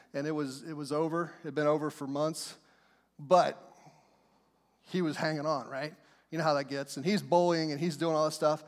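A man's voice: fairly high pitch, big-room sound. A middle-aged man preaching a sermon as a pastor, telling stories in a folksy, plain way. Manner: folksy storytelling, plain speech.

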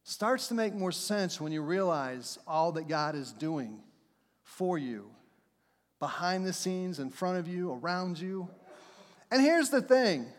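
In a church sanctuary, a middle-aged pastor preaches conversationally, slipping into playful acted voices and laughing along with his points. His high, animated voice moves slowly. Long hall reverb surrounds the recording.

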